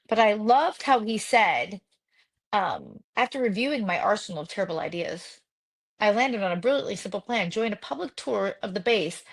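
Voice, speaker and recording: A woman in casual conversation, co-hosting a podcast about a book. Her talk is chatty and animated, with fillers and quick restarts. Her pitch sits in an ordinary middle range. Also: gravelly. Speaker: podcast co-host.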